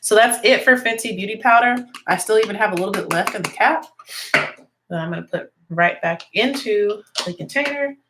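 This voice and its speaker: A woman's voice: medium pitch, normal speed, noisy background. A young woman with a slightly congested voice, chatting casually through a makeup tutorial and explaining each step as she works. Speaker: music teacher and beauty vlogger.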